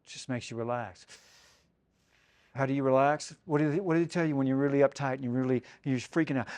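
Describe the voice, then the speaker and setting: A man's voice: medium pitch, fast talker, a little mellow, no room sound, faint music behind. Easygoing older man giving a sax clinic. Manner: loose, conversational, many "you know"s and "man"s. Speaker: saxophone clinician. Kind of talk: casual spoken workshop talk. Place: music shop event space.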